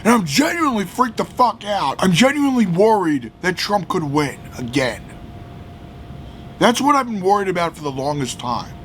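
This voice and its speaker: A man from the United States ranting heatedly about politics, profane and often shouting. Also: high-pitched, big pitch swings, normal speed, slight background noise. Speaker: political vlogger.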